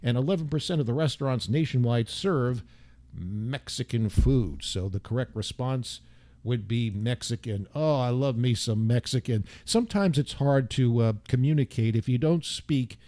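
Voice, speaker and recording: A man's voice: mid-range voice, moderate pace, mellow, no echo. Wry, rambling male show host. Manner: wry, self-deprecating, meandering asides. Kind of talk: casual rambling monologue.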